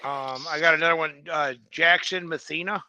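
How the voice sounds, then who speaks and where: Bright, dry-voiced man co-hosting a podcast. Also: a little high, steady tone, normal speed, no room sound, highs cut off. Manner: easygoing, asks questions. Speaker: podcast co-host. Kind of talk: casual chat.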